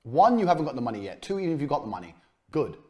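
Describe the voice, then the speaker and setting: A man giving a blunt, profane business lesson as a coach, mocking and forceful in his delivery. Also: medium pitch, big pitch swings, rapid-fire.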